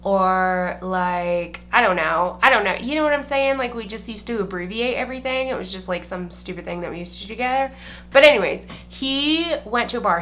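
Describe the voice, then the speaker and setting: A woman's voice: mid-range voice, a bit bright, slight background noise. A young woman chatting casually while doing her makeup, a beauty vlogger who talks loosely, swears freely and says "like" constantly. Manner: chatty and profane, heavy use of "like".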